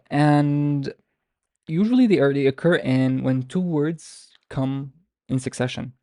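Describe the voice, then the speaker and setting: Male language teacher on a video call, gravelly mellow voice, dry close sound, patient and explanatory, drags out example words. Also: medium pitch, no room sound. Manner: explanatory, with frequent restarts and drawn-out example words. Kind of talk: online language lesson.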